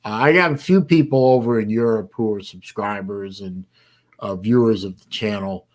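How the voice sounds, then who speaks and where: A man's voice: fairly low pitch, moderate pace. An older man from Florida hosting a casual livestream, rambling with many fillers and sounding tired. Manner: tired, yawning. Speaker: livestream host. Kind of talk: casual live-stream chat.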